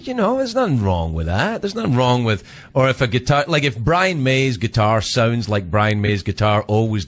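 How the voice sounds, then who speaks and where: A middle-aged Scottish man chatting casually with a fellow comic, laughing often and swearing freely. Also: fairly low pitch. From Scotland. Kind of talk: casual chat between comedians.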